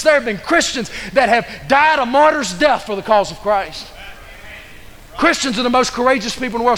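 A man's voice: very high voice, a bit bright, in a large hall. A man preaching a fervent sermon as pastor, pressing the congregation with repeated questions. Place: church sanctuary.

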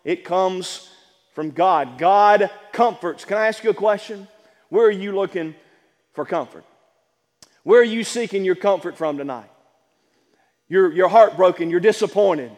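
A man's voice: high-pitched, normal speed, pauses often, a little mellow, in a large hall. A man preaching a sermon as pastor of a church, repeating phrases and building emphasis as he speaks. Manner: preaching with repetition and rising emphasis.

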